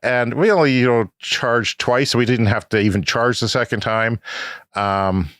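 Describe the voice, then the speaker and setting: An older man, co-hosting a podcast and telling a rambling, animated story with chuckles. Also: mid-range voice, a little slow, no room sound, clean studio sound. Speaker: podcast co-host. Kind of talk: casual chat.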